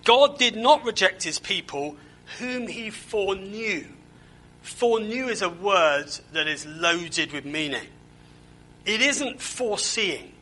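Guy preaching a sermon, talks straight to the people, repeats words a lot, highish bright voice. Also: expressive, slow, a little hiss or hum, low-quality recording. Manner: conversational preaching with rhetorical questions and repeated words. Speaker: pastor.

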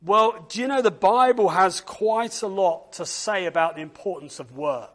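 A man leading a church service, telling a story in an expressive read-aloud way, often pausing with "uh". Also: high voice. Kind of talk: storytelling children's talk.

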